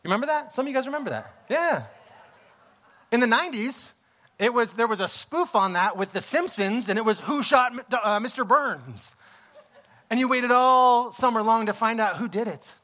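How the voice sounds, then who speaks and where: High-voiced, bright preacher man. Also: fairly quick. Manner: storytelling, animated, acts out exclamations. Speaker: pastor. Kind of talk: sermon.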